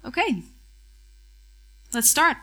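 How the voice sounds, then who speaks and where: A woman moderating a public talk, soft and hesitant with frequent pauses. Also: high voice, very animated, noisy background. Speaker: event moderator.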